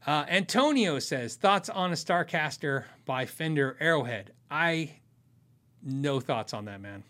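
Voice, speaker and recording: A man with a bright, forceful voice pitched a touch above the usual runs a casual live chat. He reads out viewer questions and rambles candidly, interrupting himself often as he goes. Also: animated, measured pace. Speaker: host of a gear channel livestream.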